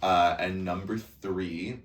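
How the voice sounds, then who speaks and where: Low-voiced man in casual podcast banter. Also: steady tone, slow pace. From South Africa. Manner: joking, crude, playful. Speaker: podcast co-host. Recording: roomy, distant mic, faint noise.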